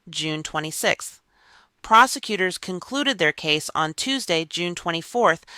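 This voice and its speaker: A news narrator reading a scripted court report in an even, measured way. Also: mid-range voice, smooth, no echo.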